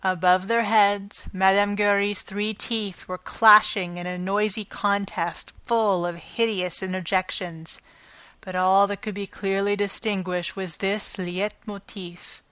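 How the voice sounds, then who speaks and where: A woman narrating a classic novel as an audiobook, with a measured, expressive reading. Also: medium pitch, clear, resonant tone, no room sound.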